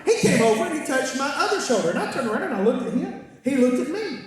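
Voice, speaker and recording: Guy doing stand-up, lively up and down voice, big echoey hall. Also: very high voice, quick pace. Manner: folksy storytelling with punchlines and crowd asides. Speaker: stand-up comedian. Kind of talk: stand-up comedy set. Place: large concert hall with a live crowd. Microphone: stage mic heard from far off in the audience. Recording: echoey hall recorded from far back in the audience.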